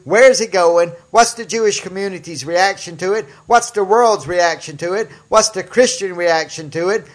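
An older man with a Southern US accent hosting a political talk show, speaking emphatically in a folksy way and getting louder on key points. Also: a little high. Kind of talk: political commentary monologue.

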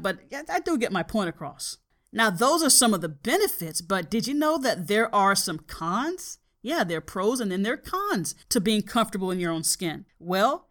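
A middle-aged woman, a college biology teacher from the US South without a regional accent, hosts a podcast with a casual, frank monologue full of stories and dry humor. Her mid-range voice is a bit bright, swings widely in pitch, and moves at a moderate pace.

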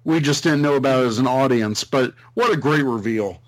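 A man's voice: mid-range voice, fairly quick, rough recording. A man in casual podcast chat, upbeat and analytical. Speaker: podcast co-host.

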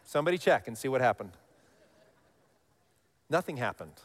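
A man in his thirties preaching a sermon, telling stories with animated highs and dropping to a hush for scripture lines. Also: moderate pace. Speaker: pastor.

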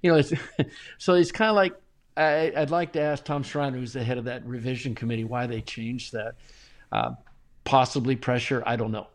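A middle-aged man talking as a guest in a casual interview, animated and often chuckling, with frequent restarts. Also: medium pitch, moderate pace. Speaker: Bible translator guest.

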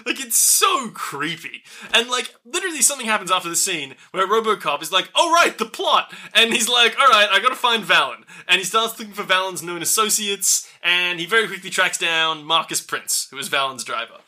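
Bright-voiced man recapping a movie. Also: high-pitched, animated, a little fast, hardly any pauses. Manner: profane, rambling, laughs while recapping. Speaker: podcast co-host. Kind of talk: casual movie recap podcast.

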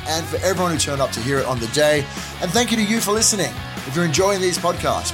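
Podcast host guy, fast talker, slightly high, guitar music under him. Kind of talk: interview and outro. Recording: music bed behind voice.

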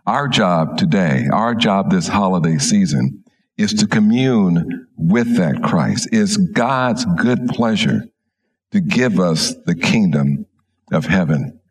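A middle-aged man, a minister, telling a story slowly and gently in a sermon. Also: low voice, expressive.

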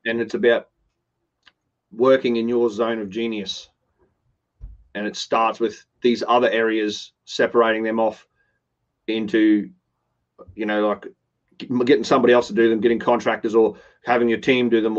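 A man's voice: on the low side, little pitch movement, normal speed, long pauses, dull audio. A man co-hosting a business show, talking earnestly and often restarting his phrases. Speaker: co-host. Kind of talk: business podcast chat.

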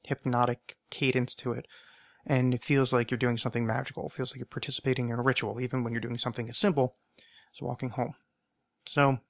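A young man in a solo podcast wanders through a long story, stopping to correct himself and circle back. His voice sits at a middle pitch and comes through dry and close on the mic. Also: no room sound. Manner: rambling, self-correcting anecdotes. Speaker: podcast host.

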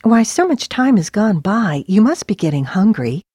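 A woman's voice: medium pitch, very animated, moderate pace, dark tone, breathy edge, dry recording, pitched above the performer's own voice. A woman voicing a nervous housewife who stumbles over her words and hurries along. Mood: eager.

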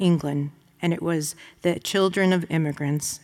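A woman from the United States reads her own prose aloud to a lecture audience. Her voice sits a little low, and her delivery is measured and reflective. The sound carries the long reverb of a large lecture hall. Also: fairly even intonation, darkish tone. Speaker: author reading her work. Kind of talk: reading aloud at a public lecture.

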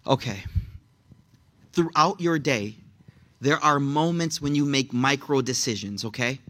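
A young man giving a casual, animated sermon to young people, telling stories in slang and acting out the people in them. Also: medium pitch, a little slow. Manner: animated, slangy, storytelling with quoted voices. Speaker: religious teacher.

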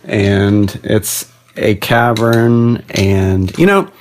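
A man's voice: on the low side, lively intonation, very slow, a little mellow, a little hiss or hum. A man from Oklahoma, a dad co-hosting a podcast, chatting casually and playing along in goofy make-believe games. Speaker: podcast co-host, father. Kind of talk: casual playful chat.

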